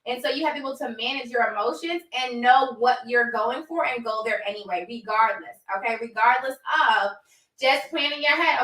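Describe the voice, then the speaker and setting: A woman's voice: a little high, fairly quick, bright, forceful tone, echoey room, distant mic, rough recording. A woman hosting a casual livestream as a business coach, speaking emphatically and repeating points for stress while she talks straight to her viewers. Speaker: host, notary business coach.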